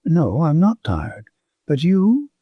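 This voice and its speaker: A man's voice: a little high, huge pitch swings, slow, breathy edge, no room sound, dull audio, voice pushed up, full character voice. Nona, a man doing an earnest young daughter. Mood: tender.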